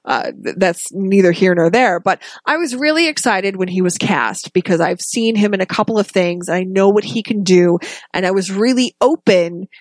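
A woman's voice: medium pitch, moderate pace, no echo. A woman co-hosting a casual podcast chat about a film, talking with enthusiasm and frequent restarts. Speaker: podcast co-host.

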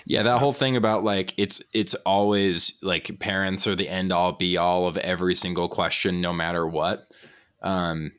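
A low-voiced man delivers flat, sarcastic mock praise in a casual podcast conversation. He sounds dry and unimpressed, with a steady, understated delivery. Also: normal speed, clear, resonant tone. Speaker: podcast co-host. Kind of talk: casual political chat.

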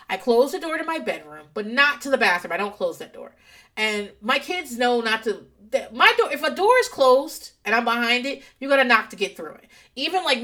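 A woman in a casual, profane, animated chat, rambling through anecdotes and a TV recap from her home office. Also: a little high. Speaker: podcaster recapping a TV show.

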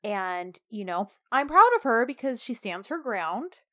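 A woman's voice: a little high, sing-song, measured pace, a bit bright, no echo, studio quality. A woman in casual chat, fondly recapping a TV series and finishing her co-host's sentences. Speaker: podcast co-host recapping a TV series.

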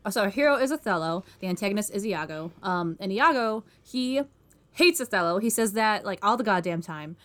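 A young woman co-hosts a casual podcast and talks in a loose, rambling way. She leans on fillers and pokes fun at herself, and her pitch sits in an ordinary middle range. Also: lively intonation, a little fast, a bit bright. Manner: rambling, filler-heavy, self-deprecating. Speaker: podcast co-host.

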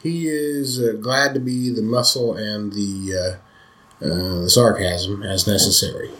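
Low-voiced man narrating as game master. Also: a little slow. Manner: steady descriptive narration.

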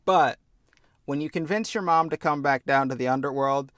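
A male podcast co-host chats casually about a video game, telling his stories in an earnest, heartfelt, animated way with self-deprecating humor. His voice is fairly high and moderately paced, with no room sound.

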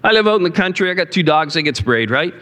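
A man's voice: on the high side, lively intonation, quick pace, bright, forceful tone. A male pastor preaching a sermon in a church, talking conversationally and asking the congregation questions. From Canada. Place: church sanctuary. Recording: long hall reverb.

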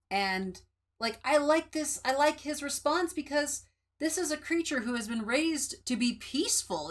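Bright-voiced chatty woman podcaster. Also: fairly high pitch. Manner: chatty, many fillers and restarts. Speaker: podcast co-host. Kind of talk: casual book discussion.

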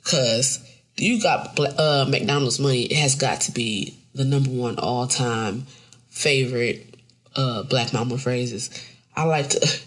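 A mother giving a casual comedic monologue to camera, animated and full of profanity. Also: unhurried. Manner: animated and profane, with frequent jumps up in pitch for emphasis. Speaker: mother and vlogger.

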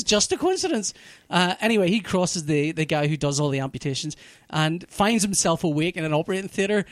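A man telling a TV plot in casual chat, animated and profane, full of restarts. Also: high-pitched, a little fast, dry recording, clean studio sound. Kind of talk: casual chat, recapping a TV show.

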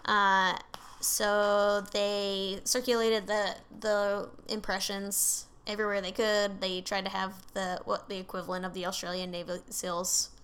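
A woman's voice: medium pitch, level tone, a little slow, fairly bright tone, clear, resonant tone. A woman co-hosting a podcast, telling a story in casual chat over a call, full of fillers and asides. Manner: rambling, filler-heavy, swears casually. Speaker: podcast co-host telling a case. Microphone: remote call.

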